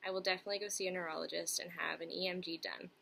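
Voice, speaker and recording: A woman's voice: lowish voice, steady tone, rapid-fire, creaky, sharp tone, a little hiss or hum, low-quality recording. A young woman chatting candidly to camera, answering viewer questions with lots of fillers and restarts. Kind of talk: casual chat to camera.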